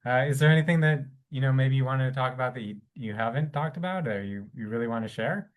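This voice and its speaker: A man's voice: mid-range voice, quick pace. A man hosting an interview, giving brief encouraging prompts to his guest. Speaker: interview host. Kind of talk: casual spoken interview.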